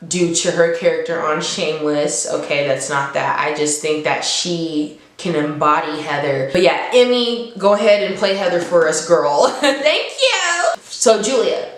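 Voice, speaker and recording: A chatty woman talks through a book review in a relaxed vlog manner, laughing easily and leaping up in pitch when something excites her. Her voice sits a little low and rings around a very echoey room. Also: unhurried.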